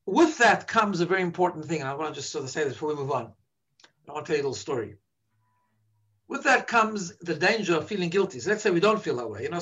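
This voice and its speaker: Man w a pretty high voice lecturing a crowd, chatty storytelling, keeps asking "right?". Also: fairly bright tone, highs cut off. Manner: storytelling, frequent "right?" checks. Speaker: religious teacher. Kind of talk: informal lecture to a live audience.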